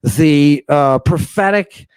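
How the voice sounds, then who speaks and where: A slightly mellow, smooth, animated man hosts a podcast lecture on ancient texts for a live audience, captured dry and close-miked. His slow, drawn-out delivery is emphatic, full of repeated "right?" and "do you understand," and shifts from low murmurs to raised exclamations.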